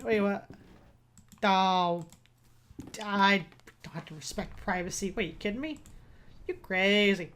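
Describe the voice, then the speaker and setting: A woman's voice: mid-range voice, slow, long pauses, a bit bright, slight background noise. A woman doing casual commentary over a horror game, making jumpy, wary remarks as she plays. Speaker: let's-play host.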